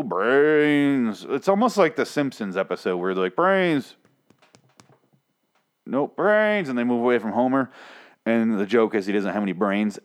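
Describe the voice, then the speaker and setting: Exasperated, foul-mouthed man ranting. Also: mid-range voice. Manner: exasperated, heavy swearing, frequent restarts. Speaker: TV review show host. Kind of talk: casual profane rant.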